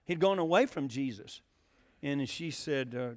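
A man's voice: mid-range voice, expressive, unhurried, big-room sound. A man preaching a sermon in a folksy, storytelling way, with many fillers and questions to the congregation.

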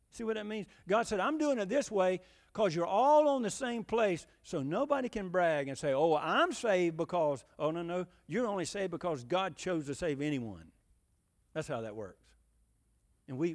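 A man's voice: sits high, big-room sound. A man preaching a sermon in a folksy, emphatic way, full of rhetorical questions.

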